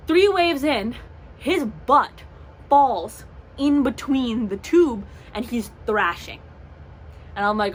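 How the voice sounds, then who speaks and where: Young woman, storytime vlogger, animated, acts out voices, highish voice, faint background noise. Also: takes it slowly. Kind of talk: storytime vlog.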